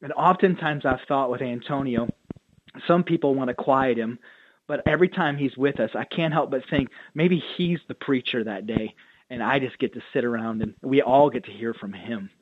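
A man's voice: mid-range voice, normal speed. A man, a pastor and author, telling stories earnestly as a radio interview guest. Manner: earnest storytelling, acts out quotes. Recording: tinny phone line, dry.

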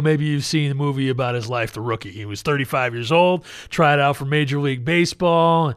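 A man's voice: medium pitch, brisk, hardly any pauses, clean tone, dry recording, clean studio sound. A man hosting a radio interview, introducing his guest with an upbeat broadcaster's delivery. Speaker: radio host.

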